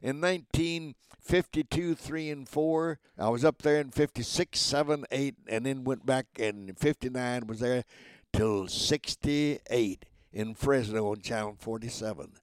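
A man's voice: medium pitch, a little slow, clear, resonant tone, dry recording, studio quality. A man in his nineties, a voice actor and guest, chatting in a folksy, jokey way. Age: 90s. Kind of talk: casual interview chat.

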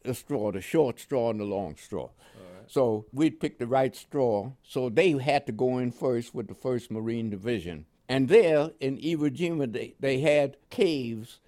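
A man's voice: medium pitch, a little slow, dark tone, no room sound. Older man recounting war stories. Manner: rambling, restarts, chuckles often. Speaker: veteran interviewee. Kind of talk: storytelling interview.

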